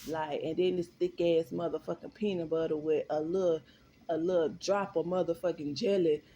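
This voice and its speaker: Animated, swearing woman telling a story. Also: sits low, moderate pace, a little hiss or hum. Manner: animated, profane and emphatic. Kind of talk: storytime vlog.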